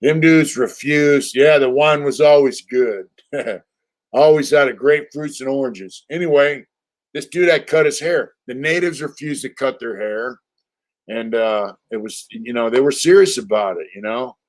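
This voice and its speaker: Older dude on a home livestream, rambling street stories, lots of "you know", swears a bunch. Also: male voice, mid-range voice, a little slow. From California. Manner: rambling, loose and streetwise, full of fillers and profanity. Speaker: livestream host. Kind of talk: casual storytelling livestream.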